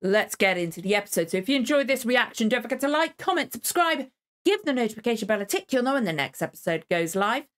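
A young adult woman hosting a casual reaction video, who rambles and repeats herself, then breaks into excited exclamations. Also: fairly high pitch, fast talker. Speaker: YouTube reaction host.

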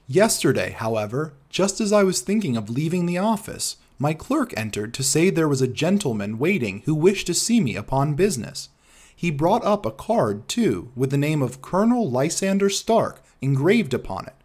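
A man's voice: on the high side, sing-song, normal speed, a little mellow. A man voicing a polite, earnest young engineer telling his story in an audiobook reading.

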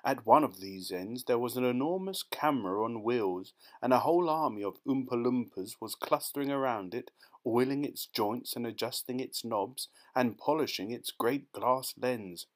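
A man narrating a children's storybook in a lively, expressive manner. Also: medium pitch, normal speed. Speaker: audiobook narrator.

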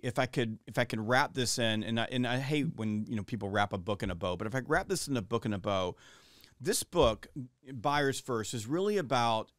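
A middle-aged man hosts a podcast interview, talking earnestly and circling back with many restarts. His voice is smooth and resonant, recorded dry and close with no room sound. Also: medium pitch, a bit bright, no echo. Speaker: podcast host. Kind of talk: conversational interview.

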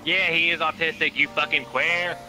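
A man's voice: on the high side, steady tone, moderate pace, music in the background. A man in rowdy game voice chat, abrasive and taunting, throwing insults at other players.

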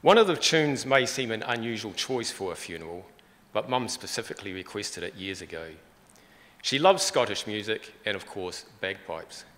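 Man, middle-aged, low voice, funeral eulogy, dry humour, church with long reverb. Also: bright, forceful tone. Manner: dry humour, reads from prepared notes. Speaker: son giving a eulogy.

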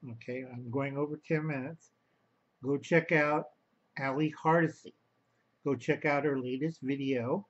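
A man's voice: a little high, muffled recording. A man rambling through a home video monologue, talking to his viewers as boys and girls and calling himself by name in the third person. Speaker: vlogger.

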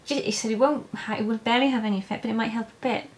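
A young woman telling her birth story in a vlog, halting and emotional, with many fillers and restarts. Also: a little high, steady tone, poor audio. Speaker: vlogger. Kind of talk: personal birth story, casual.

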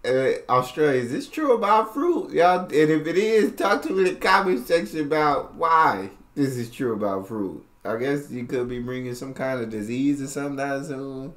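A man's voice: mid-range voice, lively intonation, moderate pace, few pauses, fairly bright tone, reverberant. A man from the United States hosting a reaction video, laid-back and slangy, laughing along. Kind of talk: casual reaction commentary.

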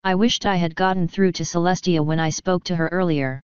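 A woman's voice: on the low side, steady tone, a little fast, clear, resonant tone, dry recording, natural voice. A woman voicing a regal, solemn female pony princess who speaks formally. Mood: grave. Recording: dull lo-fi dry recording.

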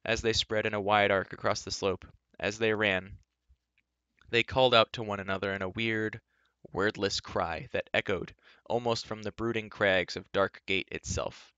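Low, bright-toned man reading a novel. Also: normal speed, clean tone, no room sound, dull audio. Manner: steady storytelling with occasional word slips. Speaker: reader. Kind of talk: reading a fantasy novel aloud.

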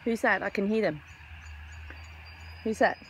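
Feeding wild kookaburras outdoors among trees, a young woman vlogger coos pet talk to the birds and mutters asides to the handheld camera she keeps to the side. Her voice is mid-range and a little slow. A faint hiss or hum can be heard through the casual chat directed at animals and camera.

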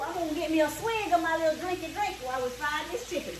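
A woman hosting a casual cooking demonstration in a home kitchen, folksy and exuberant, breaking into high whoops. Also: fast talker, hardly any pauses, a little hiss or hum, rough recording. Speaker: cooking show host.

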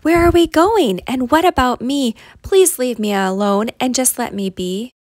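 A woman voicing a small, weak and timid male donkey in a storybook, pleading in a high, tearful voice. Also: lively intonation, measured pace, dry recording, clean studio sound. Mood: frightened.

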